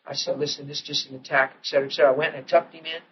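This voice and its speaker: A middle-aged male preacher telling a personal story in a sermon, acting out what people said and dropping to a hush at tense moments. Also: on the high side, flat delivery, very fast. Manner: storytelling, acts out quotes with sudden hushed drops. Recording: dull lo-fi old recording with faint hiss.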